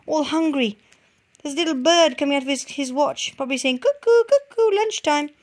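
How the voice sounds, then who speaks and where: A young woman reading a picture book aloud to her children, coaxing and expressive. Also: high-pitched, brisk.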